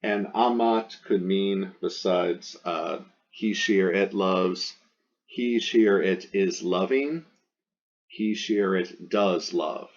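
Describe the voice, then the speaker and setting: A man's voice: low voice, slow pace, dull audio. A man teaching a recorded Latin grammar lesson, methodically walking through verb forms and repeating them to drill them.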